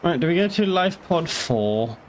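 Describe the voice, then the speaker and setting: A man's voice: a little high, sing-song, normal speed, a little hiss or hum. Rambling sweary man from northeast England. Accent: northeast English. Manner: rambling, sweary, answering chat. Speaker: game streamer. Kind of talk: casual live stream chat.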